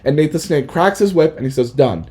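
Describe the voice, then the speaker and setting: Mellow-voiced man telling a rambling comic story. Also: on the high side, fast. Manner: rambling, playful narration with restarts. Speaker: podcast host. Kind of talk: improvised comedic storytelling.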